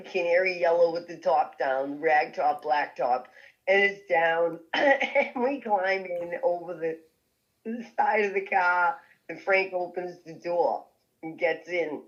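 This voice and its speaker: A woman telling a story as a podcast guest, lively and laughing often as she goes. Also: fairly low pitch, slow pace, highs cut off.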